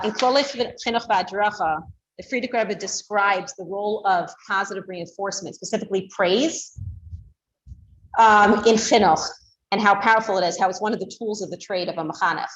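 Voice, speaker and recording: A woman's voice: mid-range voice, dull audio. Woman teacher lecturing in a roomy space. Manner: explains with frequent fillers, acts out tones of voice. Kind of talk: lecture to a class. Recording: roomy echo.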